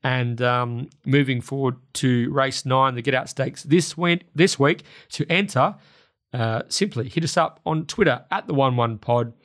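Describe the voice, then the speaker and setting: A man's voice: medium pitch, measured pace, a bit bright, no echo. An Australian man chatting casually as a podcast co-host, his voice sitting in an ordinary middle register. His words come out slightly slurred from new braces, and he leans on plenty of ums and restarts. The sound is dry and close, with no room around it. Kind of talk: casual chat.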